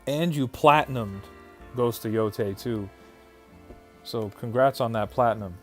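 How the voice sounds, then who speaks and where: A man's voice: mid-range voice, a little slow, fairly bright tone, soft background music. A man hosting a livestream who reads viewer chat aloud and answers in a loose, casual way, with plenty of fillers and restarts. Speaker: livestream host.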